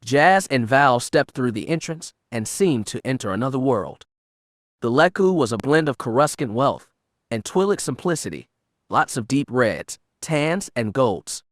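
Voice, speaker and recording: Male audiobook narrator, mid-pitched, measured, dry close mic. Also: sing-song, no echo. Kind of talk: scripted narration.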